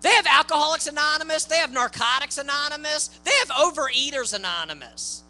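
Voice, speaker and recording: A man with a high voice that gets mistaken for a woman's, doing a stand-up comedy set on a club stage with loud, ranting punchlines. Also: expressive, fairly quick, rough recording. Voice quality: high, boyish voice often taken for a woman's.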